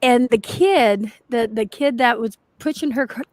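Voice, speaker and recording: A woman's voice: on the high side, a little slow, a little mellow, no room sound. A woman paranormal investigator rambling through a story in casual chat, often restarting her sentences.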